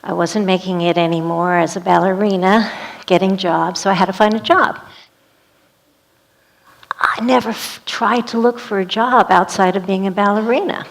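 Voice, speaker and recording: A woman's voice: medium pitch, fairly even intonation, normal speed, creaky. A woman performing a one-woman play as a vivid, dramatic storytelling monologue.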